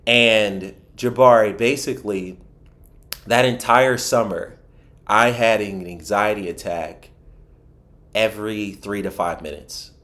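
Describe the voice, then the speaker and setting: A man from Philadelphia, a podcast guest, telling a personal story in an animated way with frequent restarts and acted-out quotes. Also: lowish voice, takes it slowly.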